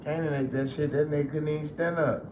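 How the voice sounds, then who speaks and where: A man's voice: a little high, little pitch movement, fast talker. A man hosting a casual livestream, joking loosely and swearing freely as he talks to viewers. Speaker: livestream host. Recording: roomy echo with faint noise.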